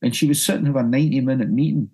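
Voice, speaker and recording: Glaswegian man telling a lively anecdote. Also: medium pitch, rapid-fire, slightly rough. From Scotland. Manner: animated, repeats words when excited. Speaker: broadcaster and music journalist guest. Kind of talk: anecdotal storytelling.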